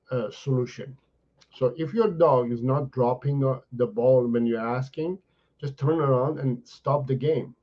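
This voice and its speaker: Slow chatty dog trainer guy on a livestream, repeats himself, dull lo-fi audio. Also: mid-range voice, darkish tone. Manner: chatty, repeats words, lots of "you know" and "right?". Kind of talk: live-stream Q&A.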